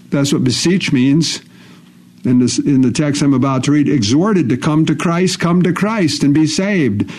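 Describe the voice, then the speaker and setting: A man delivering a sermon in a somewhat high voice. He reads scripture aloud and repeats phrases for emphasis. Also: measured pace, darkish tone. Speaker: preacher.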